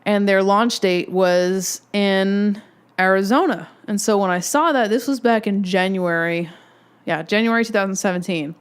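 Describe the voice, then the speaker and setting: A young woman in her twenties tells a long, excitable story on her solo podcast. Her voice is smooth and clean, and she rambles from one thing to the next with a fan's enthusiasm. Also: mid-range voice, normal speed. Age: 20s. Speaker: podcast host.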